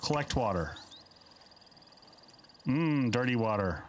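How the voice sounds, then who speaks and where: A man's voice: medium pitch, lively intonation, slow, a little hiss or hum. A man playing a game live, chatting casually and reading the on-screen dialogue aloud in a playful way. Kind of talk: casual live-stream commentary.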